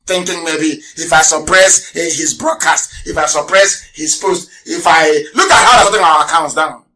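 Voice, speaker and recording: A man hosting a live radio broadcast, firing rhetorical questions, mocking his critics and breaking into shouts. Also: a little high, moderate pace. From Nigeria. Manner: scornful, mocking. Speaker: broadcast host.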